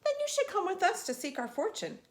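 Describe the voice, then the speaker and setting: A kindly young man from a storybook, asking and inviting in a friendly way, as a woman reads him. The voice is a little raised and lively. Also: very high voice, fairly quick, pitched above the performer's own voice. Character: kindly young man seeking his fortune.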